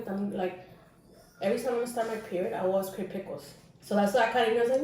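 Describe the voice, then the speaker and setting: A woman chats casually as a podcast co-host, telling a personal story and mixing English and Spanish as she goes. Her voice sits at a middle pitch. It is recorded in a very echoey room. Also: fairly even intonation, brisk, a little mellow, recorded from a distance. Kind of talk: casual chat.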